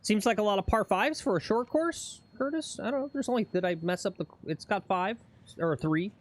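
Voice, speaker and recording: A man's voice: high-pitched, expressive, brisk. A man co-hosting a casual golf livestream, reading chat and teasing with mock announcer bits.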